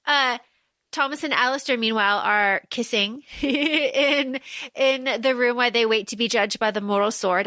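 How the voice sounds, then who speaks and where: A podcast co-host chats casually about a book, acting out characters' lines as she recaps it with animated energy. Her voice is on the high side at a moderate pace, and the recording is dry, studio-quality sound.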